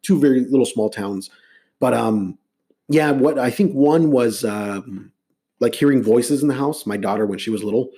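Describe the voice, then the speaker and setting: A middle-aged man from Los Angeles, a musician, telling stories in a relaxed, casual interview. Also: mid-range voice, moderate pace. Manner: relaxed storyteller, many fillers and restarts. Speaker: guest musician.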